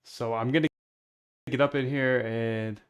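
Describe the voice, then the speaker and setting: A man's voice: mid-range voice, steady tone, a little slow, clean tone. A young man streaming himself as he codes a trading bot, rambling and muttering to himself in casual talk. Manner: rambling, mutters to himself, says dude a lot. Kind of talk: casual live-stream talk while coding.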